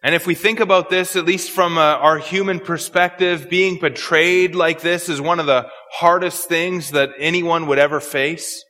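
A man's voice: fairly high pitch, steady tone, normal speed, hardly any pauses, sharp tone. A man preaching an expository sermon, earnest and prone to repeating words as he searches for phrasing. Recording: long hall reverb.

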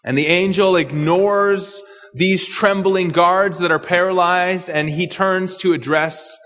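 A man's voice: sits high, steady tone, takes it slowly, a bit bright, in a large hall. A man preaching an expository sermon, earnest and thinking aloud, repeating words as he works through a passage. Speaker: pastor.

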